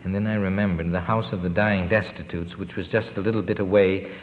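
A man's voice: deep voice, fairly even intonation, slight background noise. An older man, a relief worker, telling earnest, rambling stories of his work abroad in a recorded interview. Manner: rambling, earnest storytelling with pauses. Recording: tinny, lo-fi tape with long reverb.

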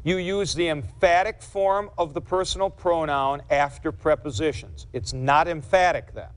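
A man's voice: on the high side, moderate pace, clear, resonant tone. A man teaching a grammar class in a lecture, who explains carefully, repeats key points and corrects himself. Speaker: Greek teacher.

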